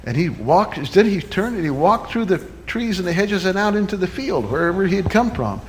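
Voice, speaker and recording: A man telling a children's story in a church sermon, with animated, dramatic storytelling before closing in prayer. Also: high-pitched, brisk, slight background noise.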